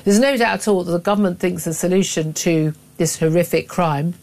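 A woman's voice: on the low side, a little fast, a little mellow. A woman, a middle-aged talk radio host, delivering emphatic, opinionated commentary with frequent restarts.

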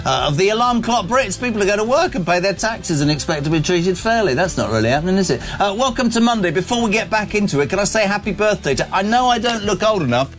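This is an older man from the UK hosting breakfast talk radio. He is opinionated and emphatic. His voice sits a little high for a man and jumps around a lot. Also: animated, quick pace, few pauses. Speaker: radio host.

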